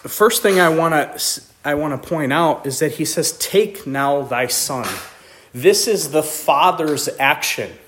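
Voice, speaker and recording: A man preaching a sermon, reading scripture slowly and pushing his voice up high for emphasis before dropping it low and quiet. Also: a little hiss or hum. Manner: reads scripture slowly in old-style wording.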